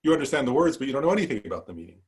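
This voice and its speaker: A man's voice: medium pitch, big pitch swings, racing, voice pushed up, natural voice. A man voicing a hideous old woman in a retold story, using a raised, chiding voice. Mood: scolding.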